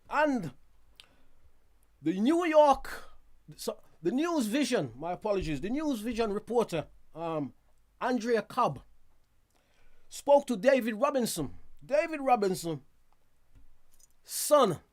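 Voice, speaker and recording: A man hosts a relaxed news roundup from a studio. His voice sits high and swings widely in pitch. He talks to viewers like friends, drifting into chatty asides and laughing at himself. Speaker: news show host.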